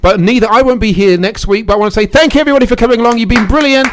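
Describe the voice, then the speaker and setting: English male radio host, quick rambling chat, high-pitched, rapid delivery. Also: very noisy. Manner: rambling, self-mocking, quick asides. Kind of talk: casual studio chat. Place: local radio studio.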